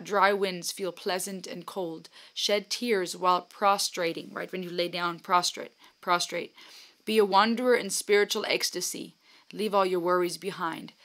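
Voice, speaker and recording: A woman's voice: medium pitch, fairly bright tone. Effusive woman reacting to music. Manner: emotional, effusive, stumbling over words. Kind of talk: casual reaction commentary.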